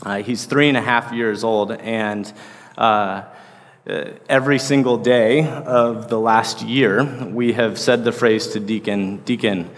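The associate pastor, a man in his thirties, delivers his sermon unhurriedly in a lowish, steady voice, rambling casually and using plenty of fillers. The large sanctuary gives the recording a long reverb.

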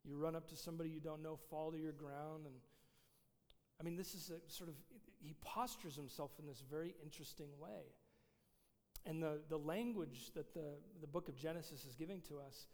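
A man's voice: on the high side, steady tone, moderate pace, darkish tone. A man, a pastor giving a casual, conversational sermon with many fillers. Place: church sanctuary. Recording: long reverb of a large hall.

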